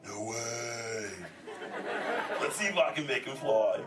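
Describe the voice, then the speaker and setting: A man's voice: medium pitch, takes it slowly, recorded from a distance, natural voice. An actor playing a laid-back male sea turtle who talks like a surfer dude, chatting with the audience in a live theme park show. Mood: laid-back, goofy. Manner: surfer slang, says "dude" constantly. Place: indoor theater with audience. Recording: echoey theater taped from the audience, crowd noise.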